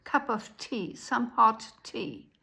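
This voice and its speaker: A woman's voice: a little high, expressive, slow pace, gravelly, bright, forceful tone, exaggerated voice. A woman voicing a poor, desperate little girl who pleads for help. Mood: pleading.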